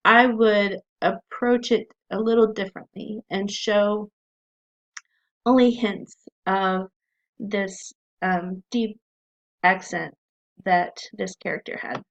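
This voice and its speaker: Woman, writing teacher, recorded class lecture, friendly, frequent ums, medium pitch, lo-fi. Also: fairly even intonation, takes it slowly, gravelly. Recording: dull lo-fi recording.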